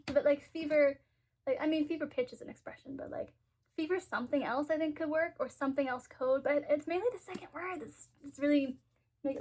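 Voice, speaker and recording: Woman book vlogger, high voice, loose rambling chat with giggles, stuffy and congested. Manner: rambling, giggly, thinks aloud with fillers. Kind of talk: casual chat.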